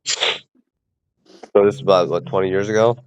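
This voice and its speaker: Low-voiced, blunt, swearing man. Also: steady tone, a little slow, smooth. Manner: blunt, swearing, short outraged reactions. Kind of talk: casual podcast chat.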